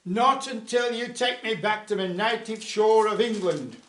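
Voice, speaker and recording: A man voicing a resourceful shipwrecked sailor in a told folk tale, shouting defiantly. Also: high-pitched, measured pace, pitched above the performer's own voice. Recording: echoey folk club room.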